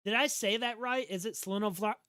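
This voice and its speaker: Young male streamer, Southern drawl, bright tone, rambling jokey patter. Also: high-pitched, a little fast, clear, resonant tone, no echo, clean studio sound. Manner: joking, rambling, talks back to chat; slurred drawl. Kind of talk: casual live-stream gaming chat.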